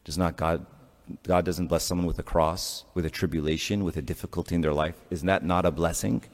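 A priest giving a conversational sermon, asking rhetorical questions and making joking asides. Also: male voice, sits low, fairly even intonation, a little fast. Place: church. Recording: long church reverb.

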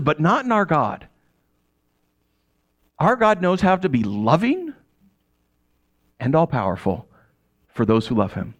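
A man with a high voice leads a relaxed Bible teaching. His pitch swings widely as he talks. He is chatty and animated, laughs easily, and keeps tossing rhetorical questions at his listeners. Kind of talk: casual expository Bible teaching.

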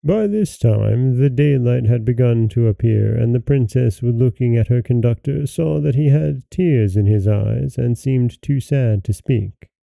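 Dark, gravelly male storyteller. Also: medium pitch, unhurried, hardly any pauses, no echo. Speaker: host and narrator. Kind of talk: storybook reading.

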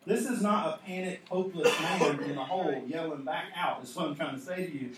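A man's voice: on the high side, fairly quick, recorded from a distance, crowd noise. Man preaching in an echoey hall. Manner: storytelling, building to emphatic, laughing asides. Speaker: pastor. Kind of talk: sermon. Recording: echoey hall, off-mic, faint noise.

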